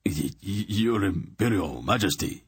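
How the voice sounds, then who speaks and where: A man voicing frightened servants and a cowering king in an audiobook, with a croaking, stammering voice. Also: low-pitched, expressive, unhurried, no echo, studio quality, heavily acted. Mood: fearful. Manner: stammering, fearful.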